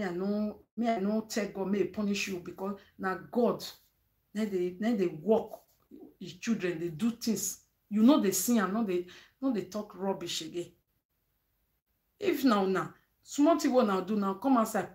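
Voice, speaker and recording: A woman with a Nigerian accent giving advice straight to her viewers, emphatic and preachy, mixing Pidgin with English. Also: medium pitch. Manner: emphatic, preachy, asks "eh?" for agreement. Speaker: vlogger. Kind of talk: advice monologue.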